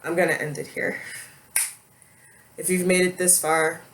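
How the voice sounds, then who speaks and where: A woman vlogger speaking slowly and haltingly, holding back tears as she talks to her viewers. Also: fairly low pitch, flat delivery, a bit bright. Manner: slow, halting, emotional. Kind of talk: emotional personal vlog.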